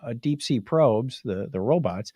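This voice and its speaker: Recapping tech news in a relaxed way, this podcast co-host tells stories with animation and voices quotes playfully. He speaks unhurriedly at medium pitch with a slightly rough voice, and the recording is dry.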